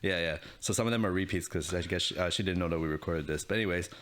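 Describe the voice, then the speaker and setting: A young man co-hosting a casual podcast, easygoing and quick to laugh while he reads out listener questions. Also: low-pitched, fairly bright tone. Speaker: podcast co-host. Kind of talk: casual chat.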